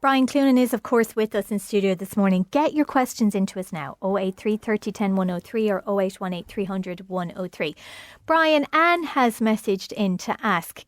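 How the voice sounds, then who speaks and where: A woman's voice: medium pitch, moderate pace, no echo. A woman with an Irish accent presenting a radio show in a studio, upbeat and teasing with her guest. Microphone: studio mic.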